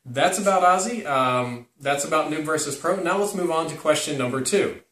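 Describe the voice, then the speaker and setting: A young man answering viewer questions in casual chat to camera. He is upbeat and breaks off now and then to talk softly to his dog. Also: on the high side, lively intonation, normal speed. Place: room at home. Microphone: camera held by his wife. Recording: echoey room.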